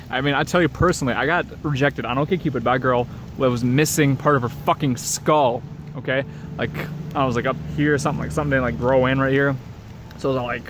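A man's voice: mid-range voice, normal speed, a little hiss or hum. A man talking in a rambling, profane casual rant, repeating himself and chuckling between sentences.

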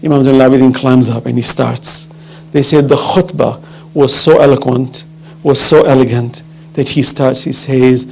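A man's voice: mid-range voice, steady tone, moderate pace, gravelly, darkish tone, a little hiss or hum, low-quality recording. A man giving an impassioned religious lecture, telling a story with fervent, rising emphasis. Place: mosque or religious center hall.

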